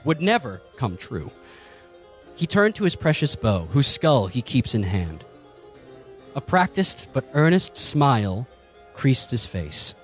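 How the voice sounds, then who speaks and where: A man's voice: medium pitch, big pitch swings, moderate pace, soft background music. A man narrating as game master in a mock-grand style.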